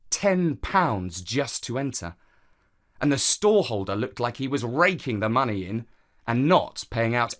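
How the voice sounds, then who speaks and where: A man narrating a children's story in a measured, expressive reading. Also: medium pitch.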